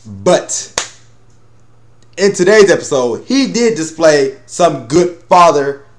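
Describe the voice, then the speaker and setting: A man's voice: fairly high pitch, sing-song, takes it slowly, echoey room. A man giving a casual, rambling episode review, cursing freely and acting out the characters' lines. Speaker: anime reviewer.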